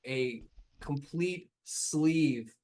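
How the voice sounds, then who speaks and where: A man's voice: a little high, extremely slow, darkish tone. A man narrating as game master of a tabletop game, in loose, rambling description full of fillers.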